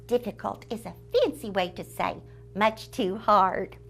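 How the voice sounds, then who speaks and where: A woman hosting a children's book club, telling stories to young listeners in an expressive, sing-song way and sometimes dropping to a whisper. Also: mid-range voice, a little slow, creaky, a little hiss or hum. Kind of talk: storytelling to children.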